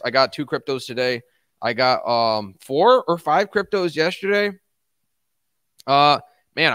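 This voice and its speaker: Bright-voiced casual crypto streamer guy. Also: a little high, no room sound, clean studio sound. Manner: swears, flares into ranting outbursts; laid-back, calls viewers man and dude. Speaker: crypto livestream host. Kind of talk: casual livestream chat.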